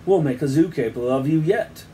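A man's voice: a little high, expressive, normal speed, mellow, a little hiss or hum, lightly acted. A man doing an old great-uncle, clipped and commanding, storybook read-aloud. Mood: brisk. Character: old great-uncle, brisk zookeeper type.

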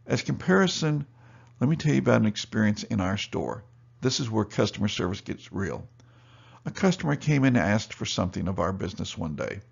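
Gravelly guy telling store stories at a seminar, dull lo-fi sound. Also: lowish voice, expressive, fairly quick. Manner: storytelling, acts out both sides of dialogue. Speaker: seminar speaker, store owner. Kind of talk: seminar talk with anecdotes.

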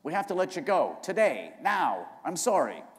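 A man's voice: on the high side, big pitch swings, normal speed. A man reading aloud as a blunt, middle-aged male agency boss who is matter-of-fact and placating. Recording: live reading in a hall.

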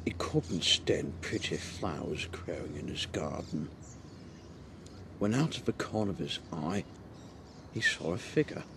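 Man, children's story narrator, low voice, animated pitch, slow pace. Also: background noise. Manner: slow, expressive, asks the listener questions.

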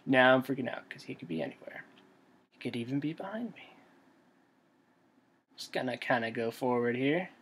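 A man's voice: mid-range voice, expressive, normal speed, long pauses, a bit bright, slightly rough. A man giving let's play commentary on a horror game, jumpy and nervous, talking to himself as he plays. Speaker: gamer.

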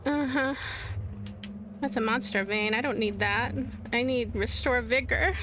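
A woman's voice: fairly high pitch, a little slow, a bit bright, soft background music. A woman playing a horror game, chatting casually to her viewers and shrieking and giggling when startled. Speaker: let's play host. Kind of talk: casual gameplay commentary.

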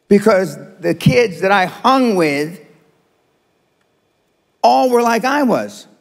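A gravelly man in his seventies addresses a live crowd with a blunt, provocative motivational speech. His voice sits a little high for a man, and he pads his points with frequent fillers. A long reverb from the hall trails his words. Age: 70s. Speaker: motivational speaker.

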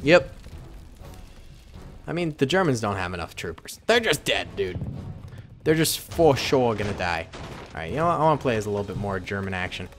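A man giving casual, excitable game commentary and cheering on units as he watches. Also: fairly low pitch, moderate pace, long pauses, soft background music. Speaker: gameplay commentator.

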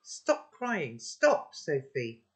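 A man's voice: a little high, wildly swooping pitch, drawn-out words, exaggerated voice. Man doing a cocky, offhand boy. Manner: offhand, blunt, teasing. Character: cocky rooftop boy, wary and blunt.

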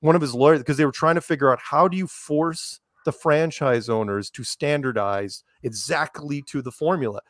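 A middle-aged man with a low, soothing voice, hosting a casual interview and rambling through stories with animated quoted voices. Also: normal speed, hardly any pauses, no echo, studio quality. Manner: rambling storyteller, animated quoting. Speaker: show host.

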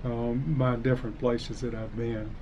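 An older man from Alabama, an engineering professor, speaking in a relaxed, thoughtful way with a softened Southern US accent in a casual interview. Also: medium pitch, a little slow, a little hiss or hum. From Alabama, United States.

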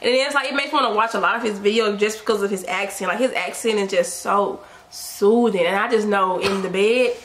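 A woman's voice: mid-range voice, brisk, fairly bright tone, a little hiss or hum. A young woman co-hosting a couple's vlog, needling her fiancé playfully and laughing often. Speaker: vlog co-host. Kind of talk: casual couple banter.

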